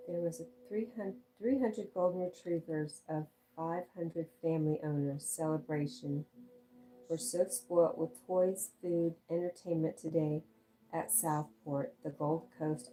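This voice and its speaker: A woman's voice: sits low, dark tone, poor audio. A woman hosting a casual livestream, reading viewer comments aloud and chatting with her dog. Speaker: livestream host.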